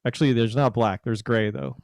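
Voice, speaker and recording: Male podcast host, smooth and dry-sounding, rambling and jokey. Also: medium pitch, steady tone, a little fast, darkish tone, dry recording. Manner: teasing, rambling, puts on a joke British accent. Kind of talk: casual podcast chat.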